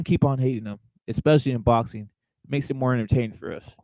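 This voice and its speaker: A young man hosting a relaxed fight talk stream, his voice mid-pitched and close on a dry mic. He is blunt and profane, circles back to the same phrases and keeps calling the audience brother while he answers live chat. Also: quick pace, no echo, rough recording. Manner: blunt, profane, repeats himself, calls viewers brother; reacts to live chat comments. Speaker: boxing talk show host. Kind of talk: casual livestream chat.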